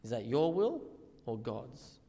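A man's voice: medium pitch, very animated, slow, warm tone, in a large hall. A man preaching a sermon in earnest, often asking the listeners questions.

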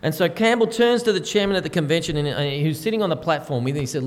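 A man preaches a sermon in a lingering, echoing hall, talking through a story in an easy, conversational way. His voice sits a little high for a man, and he pads his sentences with fillers. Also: quick pace, few pauses. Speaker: pastor. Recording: long hall reverb.

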